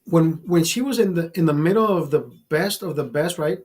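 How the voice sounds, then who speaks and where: A husky man with a fairly high voice tells a raunchy story in a loose, profane ramble. He trips over his own sentences and restarts them, plainly enjoying himself. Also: normal speed, darkish tone. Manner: profane, rambling and self-amused, with frequent restarts. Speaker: vlogger. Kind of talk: casual storytelling monologue.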